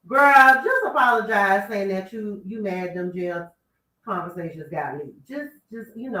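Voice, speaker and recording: A woman's voice: medium pitch, expressive, normal speed, pushed and bright. A woman hosting a radio talk show, sassily dishing celebrity gossip and talking back to people who aren't there. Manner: sassy, talks back to absent people. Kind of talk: casual celebrity gossip commentary. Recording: roomy, distant mic.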